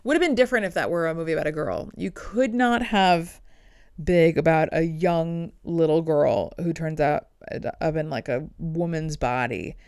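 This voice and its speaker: A woman podcast host and comedian riffing in a dark, irreverent comedic monologue. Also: low-pitched, moderate pace, clear, resonant tone, no room sound, studio quality. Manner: dark, irreverent joking with frequent laughs.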